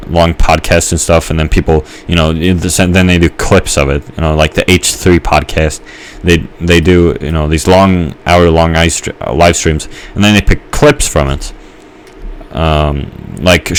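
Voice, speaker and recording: Young man, very low voice, rambling game commentary, hesitant with fillers, faint hiss behind. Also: fairly even intonation, unhurried. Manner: musing, hesitant, many fillers and restarts. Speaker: gamer. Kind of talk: rambling let's-play commentary.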